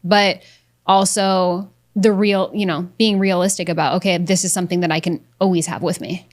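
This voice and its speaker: A woman hosting her own podcast in candid conversation, chatty and quick to laugh, with casual swearing. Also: lowish voice, fairly even intonation. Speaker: podcast host. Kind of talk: candid unscripted podcast talk.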